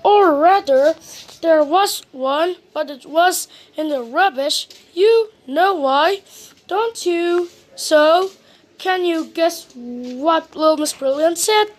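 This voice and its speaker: A woman reading a children's storybook aloud, slowly, with friendly asides to the listener. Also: high-pitched. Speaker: storybook reader. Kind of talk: children's read-aloud narration.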